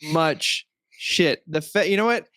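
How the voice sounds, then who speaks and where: A man co-hosting a casual podcast, wry, with quick asides. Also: a little high, pushed and bright, no echo. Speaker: podcast co-host.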